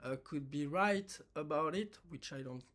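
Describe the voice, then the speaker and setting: A man speaks in a slightly raised voice, slowly and haltingly. He often restarts his sentences as he earnestly puts his question in a personal video message. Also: on the high side, fairly bright tone. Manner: halting, hesitant, many restarts; earnest, heartfelt. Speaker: viewer asking a question.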